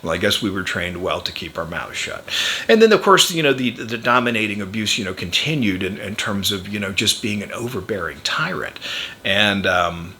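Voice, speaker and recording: A man's voice: fairly low pitch, animated, normal speed, sharp tone, slight background noise. An older man, a podcast host and chiropractor, telling a personal story in a rambling, anecdotal way with wry chuckles.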